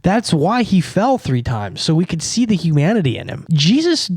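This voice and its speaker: A man's voice: high voice, sing-song, normal speed, a little mellow, slightly rough, no echo, clean studio sound. A young man hosting a podcast, talking in a casual, irreverent, rambling way, full of fillers. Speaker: podcast host. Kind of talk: casual monologue.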